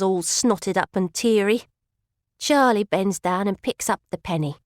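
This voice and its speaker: A woman's voice: medium pitch, measured pace, no room sound, studio quality. Woman narrating in a street voice. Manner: street-kid dialect, pleading and emotional. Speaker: audiobook narrator. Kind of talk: first-person character narration.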